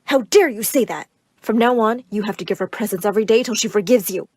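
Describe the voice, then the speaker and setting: A woman's voice: medium pitch, fast, a little mellow, husky, no echo, clean studio sound, natural voice. A woman voicing a money-obsessed mother who commands and scolds. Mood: scolding. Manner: shrieking, commanding. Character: shrill money-obsessed mother, bossy and scornful.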